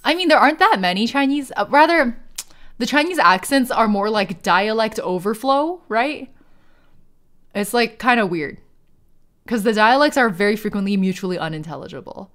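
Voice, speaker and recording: A woman streaming a video game, chatting casually and excitably, with sudden yelps and laughter. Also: on the high side, moderate pace. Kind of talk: casual gaming stream commentary. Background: faint game music.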